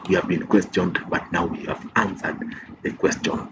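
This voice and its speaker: A man's voice: low-pitched, fairly even intonation, normal speed, muffled recording, very noisy. A man hosting a fan reaction channel, euphoric and repeating his phrases like chants. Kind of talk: excited fan reaction vlog. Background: music playing under the voice.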